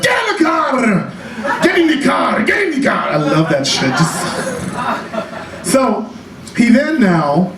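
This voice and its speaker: A man with a high voice tells a flamboyant, sassy story on stage in a small cabaret club. The recording is echoey and distant, heard from across the room, with steady room noise and audience laughter around him. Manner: flamboyant, sassy, calls the audience child and honey. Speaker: comedian performing a one-man show. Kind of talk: live stand-up storytelling.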